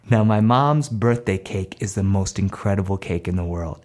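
A man telling a personal story aloud in an animated, conversational way. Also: sits low, moderate pace, few pauses.

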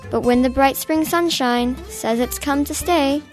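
A girl reading a children's rhyme slowly and carefully. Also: high voice, darkish tone, soft background music. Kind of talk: rhyme recitation.

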